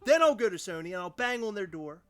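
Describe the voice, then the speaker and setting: A man's voice: high voice, sing-song, quick pace, a bit bright. A young man co-hosting a casual podcast chat, ranting with mock outrage. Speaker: podcast co-host.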